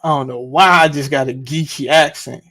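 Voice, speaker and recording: A man hosting a podcast livestream, talking in a relaxed, casual, slangy way. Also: a little high, normal speed. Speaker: podcast host.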